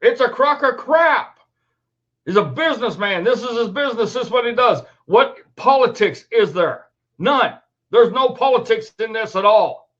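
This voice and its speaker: High-voiced angry man ranting. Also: lively intonation, normal speed, a bit bright. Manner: indignant, swearing, emphatic. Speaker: host. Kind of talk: angry commentary rant. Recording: dull lo-fi recording.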